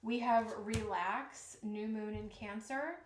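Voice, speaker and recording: A woman giving a live-streamed tarot reading in a slow, soothing, reassuring way, tired from jet lag. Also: mid-range voice. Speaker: tarot reader. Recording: echoey room with clear background noise.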